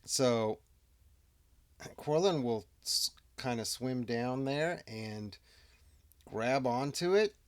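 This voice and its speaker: A man's voice: medium pitch, drawn-out words, long pauses. A man playing a tabletop game by himself, narrating casually and thinking aloud, now and then muttering asides under his breath. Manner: muses aloud, drops into muttered whispered asides. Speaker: solo tabletop game player.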